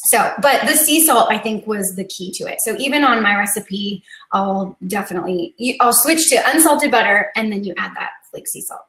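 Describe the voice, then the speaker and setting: A woman's voice: medium pitch, expressive, moderate pace, hardly any pauses, fairly bright tone. Chatty woman in an echoey room. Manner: chatty and earnest, gets teary, laughs easily. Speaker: host of a live coffee chat. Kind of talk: casual live-stream chat.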